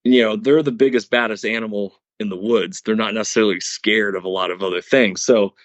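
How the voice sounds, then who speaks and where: Low-voiced man on a dull, dry line. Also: fairly even intonation, fairly quick, no room sound. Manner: earnest, explains step by step with many restarts. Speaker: podcast guest, hunter. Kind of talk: casual storytelling interview.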